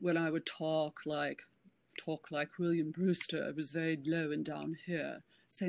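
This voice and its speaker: A woman author chatting as an interview guest, animated and full of ums. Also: sits low, a little slow, creaky. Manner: animated, many ums, demonstrates voices. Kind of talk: casual interview chat.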